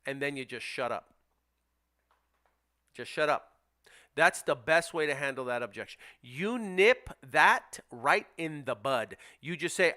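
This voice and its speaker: A man's voice: animated, unhurried, bright, forceful tone. A man teaching real estate wholesaling, emphatic and direct, acting out lines to sellers. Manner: emphatic, role-plays seller scripts with dropping pitch. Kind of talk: instructional presentation.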